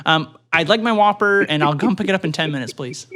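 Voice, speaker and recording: A man's voice: fairly high pitch, fast, a bit bright, natural voice. A man playing a confused, pushy male customer calling to order food, stammering and insisting. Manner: hesitant, stammering, stubborn.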